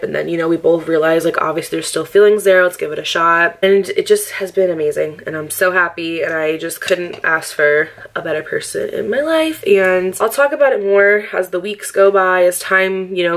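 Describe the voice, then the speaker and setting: Chatty young woman, lower voice. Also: fairly bright tone. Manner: chatty and candid, heavy with "like", swears freely; upbeat and affectionate, laughs often. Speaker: lifestyle vlogger. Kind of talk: casual get-ready-with-me chat.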